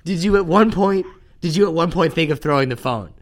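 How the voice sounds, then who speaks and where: A man's voice: fairly high pitch, brisk. A man hosting a casual podcast chat with a dry, teasing manner.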